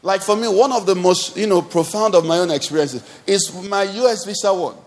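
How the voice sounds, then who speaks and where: A man's voice: high-pitched, a little fast, a little mellow. A man with a Nigerian accent preaching a sermon as pastor, building up with repeated refrains. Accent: Nigerian English. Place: church service.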